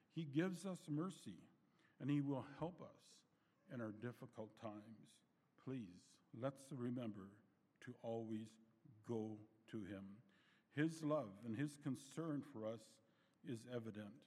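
A man preaching a sermon in a gentle, unhurried way, reading scripture in old-fashioned wording and letting his phrases fade softly at the end. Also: medium pitch. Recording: long hall reverb.

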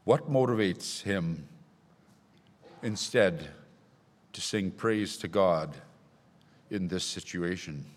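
A man's voice: deep voice, slow, pauses often. A man preaching a sermon in a church, reading scripture aloud with rising emphasis. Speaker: pastor. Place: church sanctuary. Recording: long hall reverb.

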